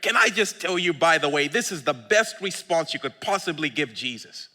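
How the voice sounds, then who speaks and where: A male pastor preaching a sermon in an animated, fervent way, often laughing at his own points. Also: on the high side, moderate pace, few pauses, long reverb tail. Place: church.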